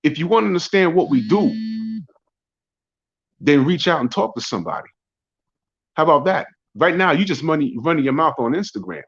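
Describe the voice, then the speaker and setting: A man hosting a barbershop talk show, ranting profanely and mocking his critics in a rambling, loud way. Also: on the high side, animated, a little fast, long pauses, slightly rough. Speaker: podcast host. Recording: dull lo-fi audio.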